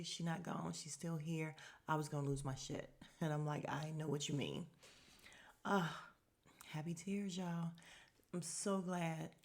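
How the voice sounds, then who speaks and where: A woman podcast host giving a casual, chatty episode recap, expressive, with slangy asides to listeners and frequent laughs. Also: low-pitched.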